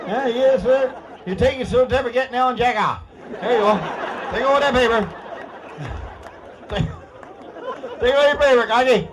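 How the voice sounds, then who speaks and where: A man's voice: extremely high pitch, normal speed, pauses often, crowd noise, background noise. A man with a Newfoundland accent, leading a ceremony with teasing, folksy banter and frequent laughter. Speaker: master of ceremonies at a screech-in.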